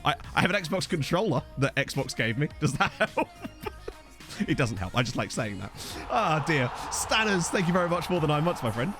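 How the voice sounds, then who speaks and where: A man talks through a live game stream in a loose, rambling, jokey way, thanking viewers as he goes. His slightly high voice swings up and down a lot. A desk microphone picks him up, with faint music playing underneath. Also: very animated, normal speed. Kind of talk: casual live-stream chat over a game. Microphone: desk condenser microphone.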